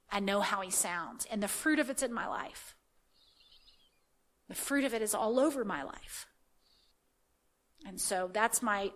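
An impassioned woman preacher delivering a sermon with a rather high voice. She repeats and builds her phrases and swings between a confiding tone and fervent urgency. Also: fairly bright tone.

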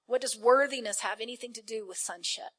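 Woman preacher, animated sermon delivery, fairly high voice, draws responses from the congregation. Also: a little fast. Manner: lively, calls out to the congregation.

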